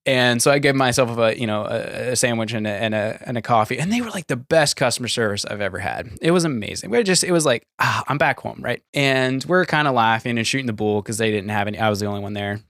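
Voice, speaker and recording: A young American man co-hosting a podcast, telling a story with lively swings in pitch. He acts out the people he quotes. His voice is mid-pitched and sits close and dry on the mic. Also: fast talker, few pauses, no echo. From United States. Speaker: podcast co-host. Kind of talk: casual podcast conversation.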